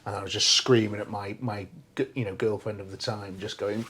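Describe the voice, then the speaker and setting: A man's voice: fairly low pitch, fairly quick, husky. A young man co-hosting a podcast, telling a story in casual chat, swearing freely and acting out what people said. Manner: animated storyteller, swears freely, acts out quoted speech. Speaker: podcast co-host.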